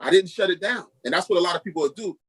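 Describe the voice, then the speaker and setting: A man's voice: sits high, very fast, breathy edge, rough recording. A middle-aged man from Queens, a pastor and podcast guest, telling a personal testimony and acting out the voices of the people in it. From Queens, New York. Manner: lively storyteller who acts out quoted dialogue.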